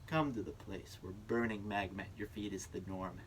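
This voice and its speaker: A young man doing a low, half-whispered male commercial narrator in a whispered role-play. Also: fairly even intonation, moderate pace, slight background noise, natural voice, low-quality recording. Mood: ominous.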